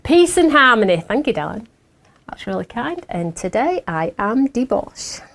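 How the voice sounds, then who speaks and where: A fairly high-voiced woman hosts a live craft shopping stream. She chats loosely with her viewers and often breaks into giggles at her own stories. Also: sing-song, moderate pace, vocal fry, fairly bright tone. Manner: chatty and giggly, laughs at herself often. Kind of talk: casual live chat with viewers.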